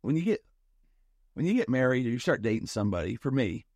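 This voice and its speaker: Talking fast and very animatedly, this podcast co-host has a mid-range, slightly mellow male voice captured in a clean studio with no room sound. His casual chat wanders, full of thinking aloud and frequent restarts.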